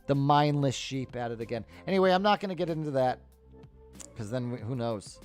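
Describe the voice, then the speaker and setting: A man's voice: mid-range voice, brisk, soft background music. A man in his thirties hosting a live stock-trading stream, talking casually and tiredly, then ranting with lots of swearing. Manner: profane, ranting, animated. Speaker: livestream stock trading host. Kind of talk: casual live market commentary.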